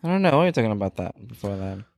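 A man's voice: on the low side, very animated, racing, creaky, darkish tone, no room sound, studio quality. A man co-hosting a casual chat, gushing over films and laughing easily. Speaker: podcast co-host.

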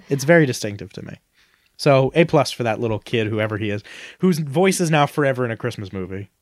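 A man's voice: mid-range voice, expressive, fast, no room sound, studio quality. A man co-hosting a podcast in casual chat, talking with eager enthusiasm and often repeating himself. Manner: enthusiastic, repeats himself, quotes lines in funny voices. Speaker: podcast co-host.

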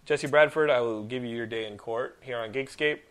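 A man in his thirties hosting a podcast, telling stories in casual chat with lots of swearing and animated outbursts. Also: mid-range voice, brisk. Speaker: podcast host.

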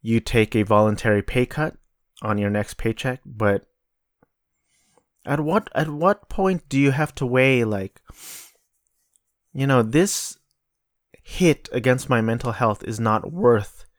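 A man's voice: mid-range voice, a little slow, pauses often, dry recording, clean studio sound. A man hosting his own podcast, talking alone in a casual, rambling way, profane and sardonic. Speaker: podcast host. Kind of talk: casual solo monologue.

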